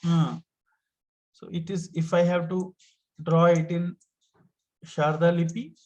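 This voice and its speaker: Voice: mid-range voice, mellow, rough recording. A teacher, giving an online lesson step by step and patiently repeating each point.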